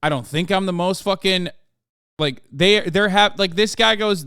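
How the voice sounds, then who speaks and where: A man's voice: high-pitched, moderate pace, bright, forceful tone, clear, resonant tone, dry recording, clean studio sound. An American man in his thirties, a streamer ranting through livestream commentary, swearing constantly and exasperated.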